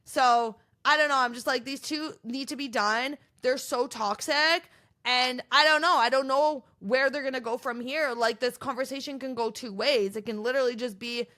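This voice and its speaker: A young woman hosting a podcast, chatting in an animated, gossipy way and acting out what others said. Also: high-pitched, moderate pace. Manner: animated, gossipy, acts out quoted contestants. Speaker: podcast host recapping reality TV. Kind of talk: casual chatty recap.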